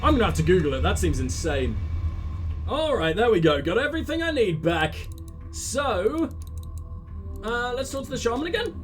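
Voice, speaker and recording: A man hosting a let's play in a high, lively voice, joking and swearing as he talks through the game. Game music plays clearly behind him. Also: moderate pace, long pauses. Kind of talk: casual gameplay commentary.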